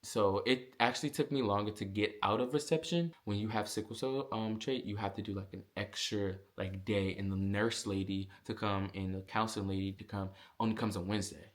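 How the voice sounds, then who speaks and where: A young man, telling a casual storytime vlog with lots of fillers and animated asides. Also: on the low side, a little fast, hardly any pauses. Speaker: vlogger.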